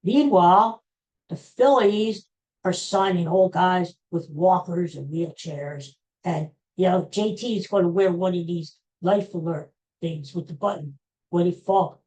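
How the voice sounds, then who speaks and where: A woman's voice: lowish voice, a little slow, dark tone, poor audio. A woman hosting a podcast, delivering an exasperated, sarcastic solo sports rant. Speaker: podcast host.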